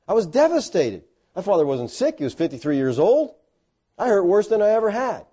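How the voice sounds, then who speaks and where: A man's voice: brisk, slightly rough. A middle-aged man preaching a sermon, telling stories with folksy asides and self-deprecating humor. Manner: animated storytelling with sudden loud, high bursts.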